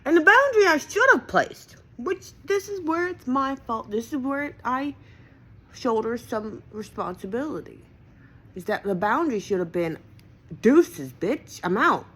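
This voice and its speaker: A woman's voice: lively intonation, moderate pace, sharp tone. A woman venting in a heated, profane, emphatic monologue to her viewers. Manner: heated, profane and emphatic, with sudden pitch swings. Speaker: vlogger.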